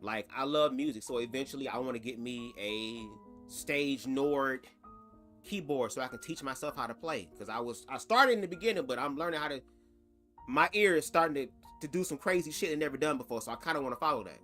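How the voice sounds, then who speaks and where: A man's voice: mid-range voice, brisk, bright, forceful tone, faint music behind. A man hosting a reaction commentary vlog, talking in a chatty, sassy and profane way. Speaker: commentary host.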